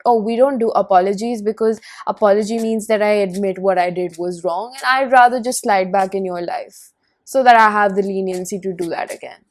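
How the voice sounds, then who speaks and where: A woman's voice: mid-range voice, fairly even intonation, a little fast. Emphatic woman giving a tarot reading. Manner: emphatic, repeats phrases for stress. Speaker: tarot reader.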